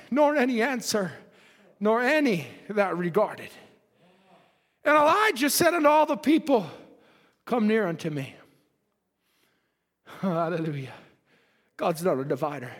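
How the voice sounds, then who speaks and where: A man preaching a fervent sermon, reading scripture aloud and rising to shouts at the peaks. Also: very high voice. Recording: long hall reverb.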